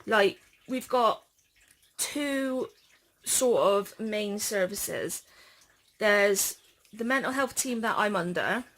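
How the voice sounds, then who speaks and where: A young woman vlogging in a casual chat, speaking hesitantly with many pauses and fillers. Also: mid-range voice, fairly bright tone, poor audio. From England.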